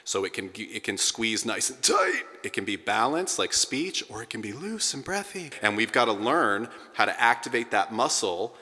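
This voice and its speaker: A middle-aged man teaching a singing class, energetic and breaking into sung sounds to demonstrate. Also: on the low side, normal speed, hardly any pauses. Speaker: vocal coach. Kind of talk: singing lesson to a group. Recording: hall with long reverb.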